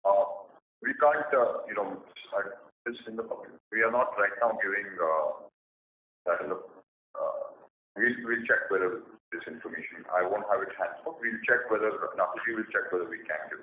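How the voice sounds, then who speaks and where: A man with a lowish voice answers analysts' questions as a company executive, pausing often with fillers and restarting his sentences. He comes through a narrow phone line with a roomy echo and faint noise behind him. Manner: hesitant, many fillers and restarts. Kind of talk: earnings call answers.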